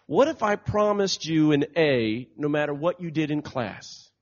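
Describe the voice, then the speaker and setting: A man voicing a wise older woman teacher who speaks gently and reassuringly. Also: fairly high pitch, lively intonation, unhurried. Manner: gentle, reassuring, matter-of-fact. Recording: dull lo-fi recording.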